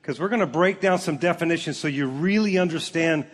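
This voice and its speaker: Pastor guy preaching, kinda high voice, jokes around with the crowd, big echoey hall. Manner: animated preaching, reads scripture slowly, jokes with congregation. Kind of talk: sermon. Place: large church auditorium. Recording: long reverb of a large hall.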